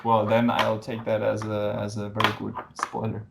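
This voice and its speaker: A man in his twenties with a German accent, a musician guest in a casual interview, relaxed and joking with soft chuckles. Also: fairly low pitch, normal speed, gravelly, background noise. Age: 20s.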